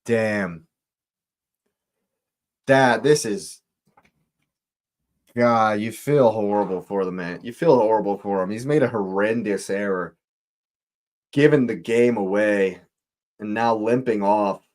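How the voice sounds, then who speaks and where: A man with a fairly low, slightly mellow voice hosts a live football watch-along, reacting to the match in exasperated disbelief. He speaks slowly and deliberately, repeating his phrases.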